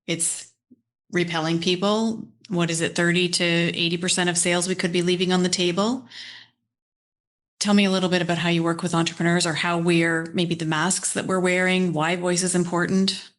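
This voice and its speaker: A woman's voice: fairly low pitch, flat delivery, brisk, a bit bright. A woman hosting a podcast interview who asks her guest questions in a conversational way. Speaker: podcast host.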